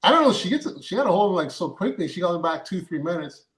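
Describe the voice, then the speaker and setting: A man who works as an actor, telling a long story in a rambling, halting way. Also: sits high, sing-song, fairly bright tone. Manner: rambling, halting, with many fillers and restarts. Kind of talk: casual storytelling.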